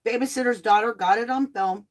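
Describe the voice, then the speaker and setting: A middle-aged woman chats casually into a home desk mic. She is blunt and animated, and she throws in lively asides. She sounds a little sick from a cold and cough medicine. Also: a little high, brisk. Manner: chatty, blunt, animated asides and mock quotes. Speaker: host of a live true crime tarot chat. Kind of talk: casual livestream chat.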